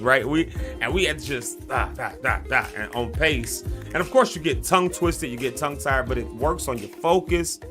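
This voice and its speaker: With music playing behind him, this man speaks at a normal pace in a mid-range voice and a Southern US accent. He's running a relaxed live morning stream, laughing often, addressing viewers as y'all, and mixing casual chat with breathing advice.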